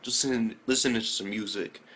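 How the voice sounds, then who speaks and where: A young man giving a casual, profane review of an episode, full of slang and sudden high exclaimed reactions. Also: fairly even intonation, fast talker, a bit bright, breathy edge. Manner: heavy swearing and slang, jumps into high-pitched exclaimed reactions. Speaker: anime reviewer.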